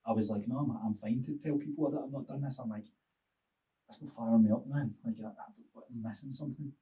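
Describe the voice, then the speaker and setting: Mellow man, rambling. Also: mid-range voice, a little fast, recorded from a distance, rough recording. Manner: reflective, rambling storytelling. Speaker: podcast guest, fitness coach. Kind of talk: casual podcast chat.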